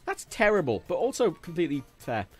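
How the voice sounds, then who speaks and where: Over faint game music, a young man from England with a slight Liverpool edge rambles through casual livestream chat while gaming, cursing liberally and jumping between subjects. He sounds very animated, his pitch sits on the high side, and he speaks fairly quickly.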